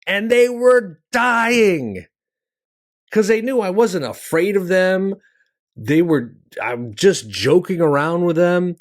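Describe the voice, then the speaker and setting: A middle-aged man, a stand-up comedian and show host, telling stories about the craft in a conversational monologue that leaps up in pitch for punchlines. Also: measured pace. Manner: animated storyteller who jumps high in pitch for punchlines; conversational, with fillers and restarts.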